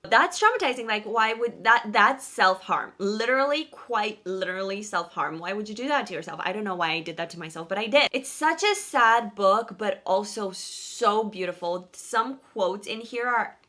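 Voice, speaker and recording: Young woman book vlogger, casual and gushing, expressive with quick asides. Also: mid-range voice. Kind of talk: casual reading vlog chat. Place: sitting in one spot, filming herself.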